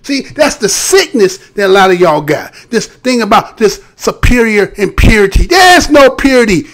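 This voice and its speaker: A man's voice: high-pitched, big pitch swings, normal speed, fairly bright tone. A man hosting a live stream, giving heated, profane commentary and mocking voices. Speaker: live show host.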